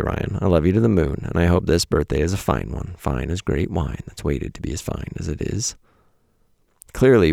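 Man, extremely low voice, heavy vocal fry, reflective essay reading, dry close sound. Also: darkish tone, dry recording. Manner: reflective, candid. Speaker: podcast host. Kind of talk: reading a personal essay on a podcast. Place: home in Montana.

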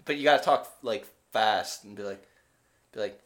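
A man's voice: on the low side, moderate pace. A young man co-hosting a podcast, chatting casually and joking, swearing freely. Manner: joking, swears freely, deadpan mock conspiracy talk. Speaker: podcast co-host. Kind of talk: casual chat.

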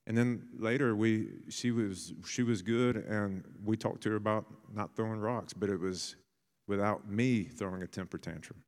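A man in his thirties preaching a sermon as a pastor, telling family stories and building to bursts of excitement. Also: on the low side, moderate pace, long reverb tail.

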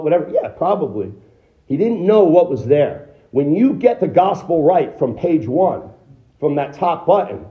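American pastor preaching, higher voice. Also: male voice, dull audio. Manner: conversational preaching with restarts and rhetorical questions. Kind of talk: sermon. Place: church sanctuary.

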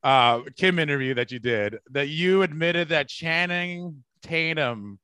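A man's voice: on the high side, unhurried, pushed and bright, clear, resonant tone, no room sound. A man from the Bay Area hosting a podcast, chatting casually, rambling and swearing freely. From San Francisco Bay Area. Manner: profane, rambling, bursts into laughter. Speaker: podcast host.

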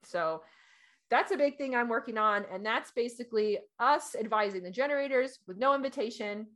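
A woman in her thirties chatting casually as a podcast co-host, animated and laughing, acting out quoted voices. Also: on the high side, moderate pace. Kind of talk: casual chat.

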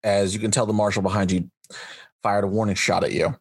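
A man with a fairly low voice runs a tabletop game as game master, narrating the scene and calling for dice checks. His delivery is brisk and matter-of-fact, with a few fillers. The sound is close and dry. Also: little pitch movement, breathy edge, dry recording.

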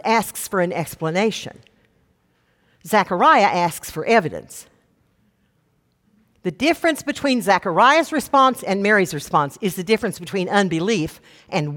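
A woman preaching a sermon, teaching with expressive retellings and asides. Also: mid-range voice. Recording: long reverb of a large hall.

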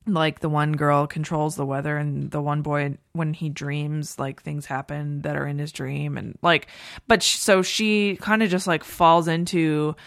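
Low-voiced chatty woman podcast co-host. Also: fairly bright tone, dry recording, clean studio sound. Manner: chatty, rambling with many fillers. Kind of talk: casual chat.

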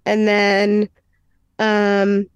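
A woman's voice: medium pitch, monotone, very slow, clear, resonant tone, no room sound. A woman co-hosting a podcast, casually retelling a film scene by scene with lots of "um" and "and then he's like", lifting her voice a little for quoted lines. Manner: rambling recap full of "um" and "and then he's like"; reads out movie quotes in a lightly lifted voice. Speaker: podcast co-host.

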